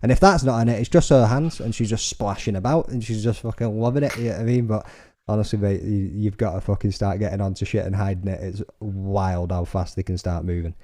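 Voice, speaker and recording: A young man hosting a podcast, telling sweary, animated stories in casual chat. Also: fairly low pitch, fairly quick, few pauses, noisy background. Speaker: podcast host.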